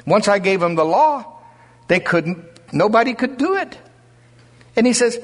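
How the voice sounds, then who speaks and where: An older man preaching a sermon, telling stories in a folksy, animated way. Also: high voice, unhurried, pauses often. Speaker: pastor. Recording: husky voice with long hall reverb.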